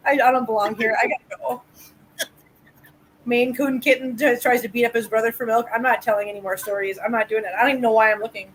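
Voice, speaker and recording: A woman's voice: a little high, fairly even intonation, quick pace, slight background noise, poor audio. A woman hosting a casual live chat about cats, playful and mock-offended. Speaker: livestream host.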